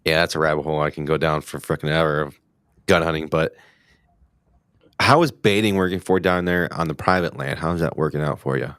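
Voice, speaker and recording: A man's voice: a bass voice, a little fast, fairly bright tone, clear, resonant tone, no echo, studio quality. A man hosting a hunting podcast, asking questions in a casual, slangy, enthusiastic way. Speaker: podcast host. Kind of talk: casual interview chat.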